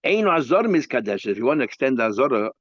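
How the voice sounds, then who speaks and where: A man's voice: mid-range voice, sing-song, racing, no room sound, highs cut off. A rabbi teaching a daily Talmud class. He explains step by step, asks rhetorical questions and mixes Hebrew and Aramaic terms into his talk.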